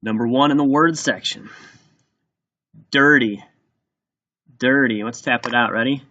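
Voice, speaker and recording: A man teaching, dictating a spelling test and slowly sounding words out letter by letter. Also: medium pitch, pushed and bright, muffled recording.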